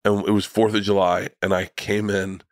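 Middle-aged male comedian guest, low voice, dry close sound, profane rambling storyteller. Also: flat delivery, moderate pace, dry recording. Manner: profane, rambling anecdotes with restarts. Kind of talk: casual storytelling conversation.

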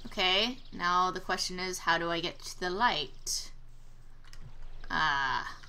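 Bright-voiced woman doing game commentary. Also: fairly low pitch, takes it slowly. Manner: exclaims and groans at failures, sarcastic asides. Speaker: gameplay commentator. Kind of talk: casual let's-play commentary.

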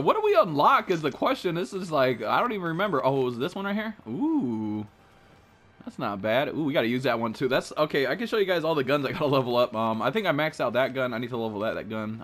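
A young man giving casual commentary as he opens in-game supply drops, excitable and full of slang. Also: mid-range voice, fast talker, slight background noise. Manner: excitable, slangy, thinks aloud. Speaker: gaming streamer.

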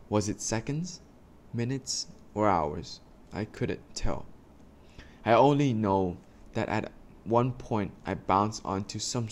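A man reading a children's storybook aloud slowly and carefully, with small stumbles, then giving his listeners instructions. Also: fairly low pitch. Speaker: reader for a class.

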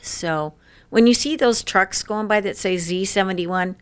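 A woman around sixty telling stories in an interview, lively and laughing often. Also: mid-range voice, measured pace, clear, resonant tone. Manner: lively storyteller who laughs often and acts out quoted voices. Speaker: interview guest. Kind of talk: casual storytelling interview.

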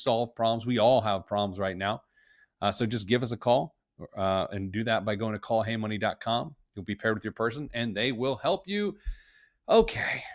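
A man's voice: on the low side, no room sound, studio quality. A middle-aged man hosting a finance live stream in a casual, upbeat, joking way.

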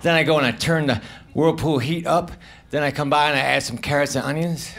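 High-voiced deadpan stand-up man. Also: fairly quick, gravelly. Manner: deadpan one-liners with mumbled self-deprecating asides. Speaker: stand-up comedian. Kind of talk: live stand-up comedy. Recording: noisy live club recording with audience laughter.

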